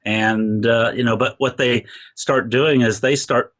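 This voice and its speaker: A man's voice: mid-range voice, fairly even intonation, a little slow, fairly bright tone. A man as a podcast guest, talking earnestly and rambling with many fillers. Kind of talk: casual interview talk.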